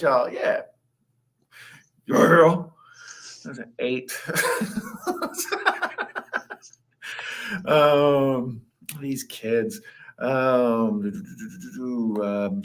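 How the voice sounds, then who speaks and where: A man co-hosting a casual livestream, reading viewers' comments aloud and riffing on them. His voice sits at a middle pitch and often leaps up when he jokes. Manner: jokey, reads comments aloud, quick laughs and pitch jumps. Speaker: co-host reading live chat.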